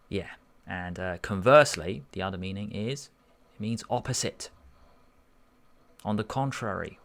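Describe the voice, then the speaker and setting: A man's voice: lowish voice, vocal fry, a bit bright. A man tutoring, working through a verbal reasoning test paper aloud and musing over each answer. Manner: musing, unhurried, self-correcting.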